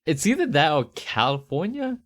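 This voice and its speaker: In clean studio sound with no room echo, a young man from the Northeastern United States, with a slight Rhode Island accent, co-hosts a casual podcast. His voice is on the high side and a bit bright, with big pitch swings at a moderate pace. He chats easily and rambles, full of fillers and restarts.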